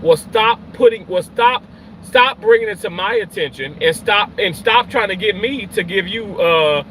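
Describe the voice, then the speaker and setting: A man who works in healthcare, ranting in an emotional vlog, swinging from loud yelling to quiet, halting talk, often repeating himself and swearing. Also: high voice, a little hiss or hum, low-quality recording. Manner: repeats and restarts phrases, swears. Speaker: healthcare worker.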